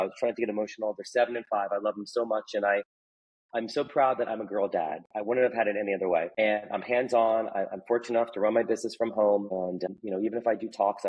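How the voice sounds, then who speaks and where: A man's voice: fairly low pitch, darkish tone, husky, low-quality recording. A man in his forties, a personal trainer and author, speaking earnestly and with open emotion as an interview guest. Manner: earnest, emphatic, openly emotional. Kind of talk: candid conversational interview.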